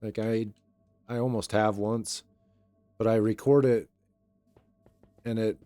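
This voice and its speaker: A young man streaming and chatting casually with viewers in a relaxed, rambling way, his voice a little raw today. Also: fairly low pitch, slow, no room sound, faint music behind. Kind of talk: casual live-stream chat.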